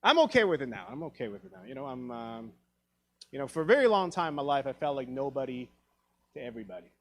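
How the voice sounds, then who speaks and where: A man from Taiwan performs stand-up comedy on a theatre stage, telling stories animatedly and acting out other people's voices. His voice is mid-range and fast.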